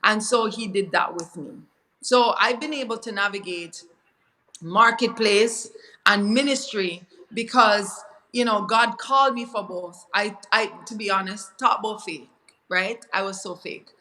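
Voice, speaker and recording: A woman with a Jamaican accent speaks as an interview guest, sharing an earnest and confessional faith testimony. Her voice sounds bright and forward, and now and then she slides into patois. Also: medium pitch, measured pace, low-quality recording.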